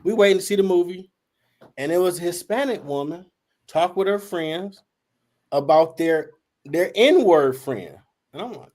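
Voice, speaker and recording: Casting note: man, host type, lively storyteller with a wide swinging pitch, a bit high. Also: moderate pace. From Detroit, USA. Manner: animated, profane, acts out quotes. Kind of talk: casual storytelling chat. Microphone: streamed video call.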